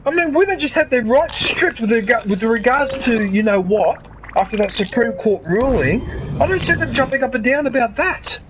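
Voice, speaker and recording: A gaming streamer with a very high, animated voice gives casual commentary at normal speed while he plays. He gets worked up and launches into rants, often restarting and repeating his words. Background noise is audible.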